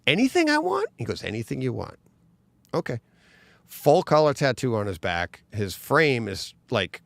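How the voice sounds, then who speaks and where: A man in casual podcast chat, telling an animated story and acting out other people's lines. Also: on the low side, creaky, dry recording.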